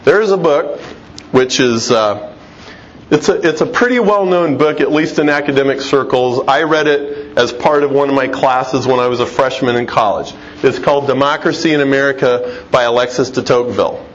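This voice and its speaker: A man's voice: medium pitch, moderate pace. A middle-aged man giving a conversational, emphatic lecture-style talk, with frequent restarts. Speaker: Christian speaker. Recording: dull lo-fi sound with faint noise.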